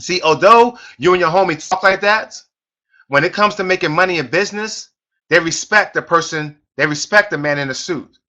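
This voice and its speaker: High, bright-voiced preachy sales leader man. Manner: emphatic, repetitive, preachy, addresses listeners as folks. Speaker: network marketing team leader. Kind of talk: motivational sales training on a conference call.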